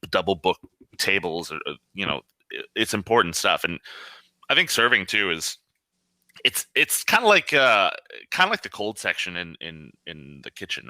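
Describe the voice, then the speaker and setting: A man's voice: low-pitched, sharp tone, no echo. A man who works as a line cook, talking casually and bluntly with lots of swearing and rambling asides. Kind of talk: casual podcast chat.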